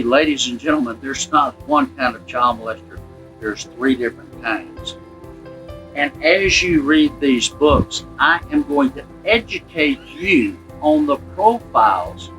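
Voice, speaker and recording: A man's voice: on the high side, unhurried, soft background music, rough recording. A man, a former detective, talking to an audience about his books and his work, acting out the people he quotes. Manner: animated storyteller, acts out quoted people. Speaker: retired detective and author. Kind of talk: promotional talk addressed to an audience.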